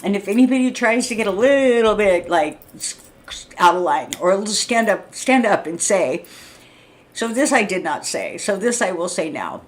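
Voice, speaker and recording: A middle-aged woman ranting to camera in a blunt, profane, heated way, often clearing her throat. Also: medium pitch, expressive, normal speed. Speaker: vlogger. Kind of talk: unscripted rant to camera. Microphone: streaming setup mic.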